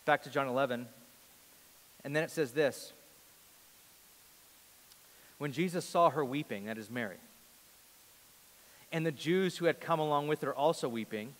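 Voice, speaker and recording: A man in his thirties preaching a sermon in a large church, earnest, rising to loud emphasis and dropping to a hush. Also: medium pitch, moderate pace, pauses often, big-room sound. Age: 30s. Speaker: pastor.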